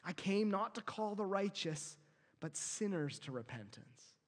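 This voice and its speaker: A man preaching a sermon as pastor, earnest, swelling louder and slowing down on his key phrases. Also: sits high, big pitch swings, in a large hall.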